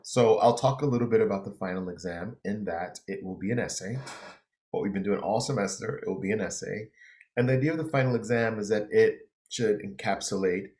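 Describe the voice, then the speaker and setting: A middle-aged man, a college English instructor, lecturing an online class from his apartment in a loose, relaxed way with many fillers, his throat a little dry. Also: on the low side, a little fast.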